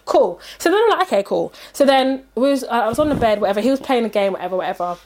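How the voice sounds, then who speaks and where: Fast-talking animated woman. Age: 30s. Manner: animated, acts out quotes in high voices. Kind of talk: casual storytelling chat.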